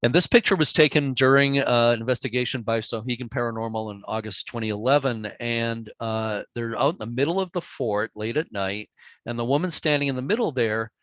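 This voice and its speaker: A man giving a relaxed, chatty talk to a library audience, telling ghost stories over slides and audio clips with easy chuckles. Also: mid-range voice, brisk, no echo. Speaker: author giving a library presentation.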